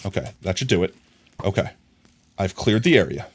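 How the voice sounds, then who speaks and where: A man streaming a video game live, talking to himself in excited, frantic bursts as he plays. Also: low-pitched, fairly quick, background noise. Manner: excitable, frantic, talks to himself while playing. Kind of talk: live gameplay commentary.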